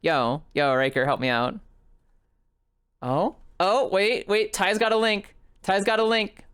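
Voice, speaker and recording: A woman's voice: mid-range voice, unhurried, a bit bright, clean tone. A woman streaming a game live, chatting with viewers, laughing often and swearing freely. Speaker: VTuber streamer. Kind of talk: live gameplay commentary with chat.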